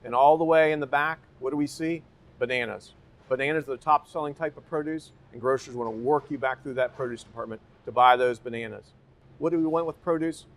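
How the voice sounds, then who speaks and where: Man leading a grocery store tour. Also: medium pitch. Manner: rhetorical questions, pointing things out. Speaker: real estate company guide. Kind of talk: walking store tour presentation.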